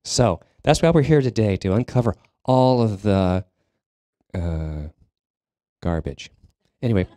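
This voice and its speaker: A man preaching a sermon as minister of a spiritual congregation, talking in a halting way, with fillers and restarts as he searches for words. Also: lowish voice, warm tone, dry recording. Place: church sanctuary.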